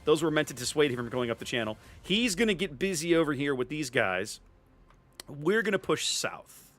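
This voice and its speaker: A man's voice: fairly high pitch, very animated, moderate pace, fairly bright tone. A middle-aged man with a Cajun Louisiana accent, chatting upbeat as he hosts a live gameplay stream and greets his chat. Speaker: streamer host.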